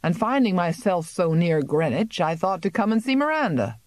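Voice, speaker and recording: A woman's voice: lowish voice, very animated, moderate pace, no room sound. A good-humored young country doctor speaks easily and cheerfully, read by a woman. The storybook narration is close-miked and dry. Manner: easygoing, cheerful.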